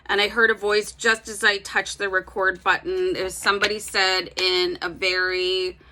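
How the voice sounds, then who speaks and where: A woman's voice: mid-range voice, little pitch movement, moderate pace, pushed and bright, a little hiss or hum. A woman giving a casual tarot reading, chatting directly to her viewers with plenty of fillers. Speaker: tarot reader.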